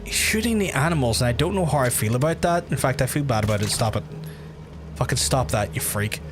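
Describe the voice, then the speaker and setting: A man's voice: mid-range voice, lively intonation, fast, background noise. A man in a casual gaming livestream who rambles and swears often while he talks to chat. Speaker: gaming streamer. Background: game music.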